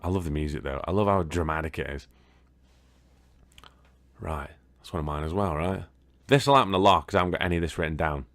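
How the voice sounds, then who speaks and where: A man's voice: sits low, fairly quick, pauses often, fairly bright tone, soft background music. A British man casually commentating as he plays a board game video game, rambling and swearing now and then. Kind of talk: casual let's-play commentary.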